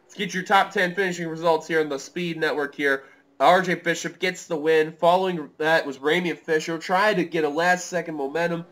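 Bright excitable male race commentator. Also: fairly high pitch, brisk. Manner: excitable, rising to near-shouts at close finishes. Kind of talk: live motorsport commentary.

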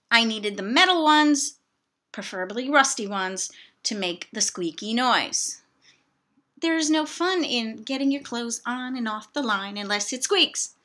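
Middle-aged woman vlogger, exasperated and chatty, bright tone. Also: high voice. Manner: chatty, exasperated, self-mocking asides. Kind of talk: casual rant to camera.

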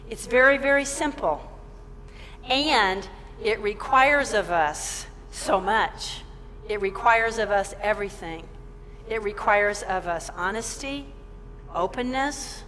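A woman's voice: a little high, pushed and bright, slight background noise. A woman minister giving a sermon, emphatic, repeating her phrases and asking the congregation questions. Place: church sanctuary. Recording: long church reverb.

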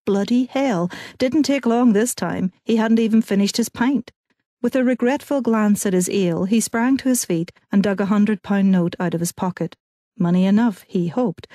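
A woman's voice: mid-range voice, normal speed, warm tone, no echo. Woman narrating an audiobook, dry and close. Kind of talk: scripted narration.

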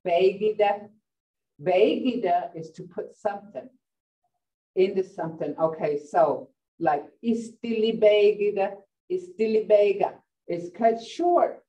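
A woman teaching a language class, saying words slowly and repeating them to stress their sounds and tone. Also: mid-range voice. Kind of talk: pronunciation lesson. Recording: dull, roomy, distant from the mic.

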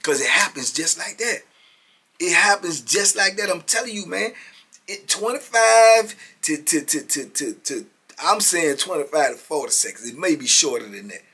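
A man's voice: a little high, animated, normal speed, pushed and bright, breathy edge. A man in his fifties telling prison stories in a casual, emphatic street-talk monologue, often chuckling and tagging lines with "man".

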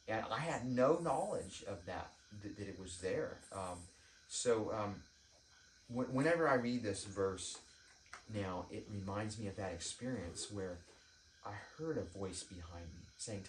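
A man's voice: lowish voice, unhurried, slight background noise. A man giving an informal sermon, telling a story with ums and restarts, then leading a prayer. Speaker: preacher. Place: church prayer room. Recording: echoey room, mic at a distance.

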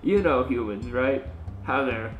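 A man's voice: mid-range voice, a little slow, reverberant, highs cut off, soft background music, lightly acted. A man voicing an arrogant male alien invader with a snarky, haughty manner.

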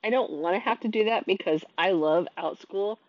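A woman in her thirties talks straight to camera, frustrated and venting, stumbling over her words and restarting as she goes. Her voice sits at a middle pitch. The recording is dry and a little dull. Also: normal speed, no room sound. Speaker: online teacher and vlogger. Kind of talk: casual talk to camera.

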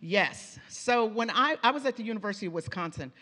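A woman's voice: mid-range voice, lively intonation, brisk, bright, forceful tone. A woman from the Pacific Northwest giving a conversational presentation, telling stories and turning to the audience with asides. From Pacific Northwest of the United States. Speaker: lecturer on language and reading. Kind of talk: conference presentation. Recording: reverberant lecture hall.

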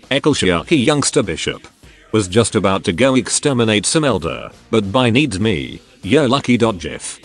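Low, lively synthetic male story reader. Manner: reads crude first-person anecdotes straight through. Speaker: narrator. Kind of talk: text-to-speech reading of forum stories.

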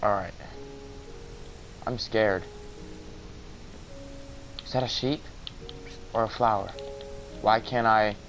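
A young man casually commentating his own game, mumbling to himself and then bursting out in excitement. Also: lowish voice, takes it slowly, pauses often, faint music behind, low-quality recording. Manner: excitable, swings from mumbling to yelling. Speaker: gamer. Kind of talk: casual let's-play commentary. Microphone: cheap mic with white noise.

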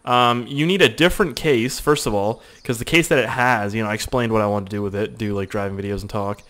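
A man's voice: lowish voice, quick pace. A young Canadian man with a sore throat giving rambling, profane commentary while playing a survival game. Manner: rambling, profane, excitable outbursts. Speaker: gaming YouTuber. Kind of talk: casual let's-play commentary.

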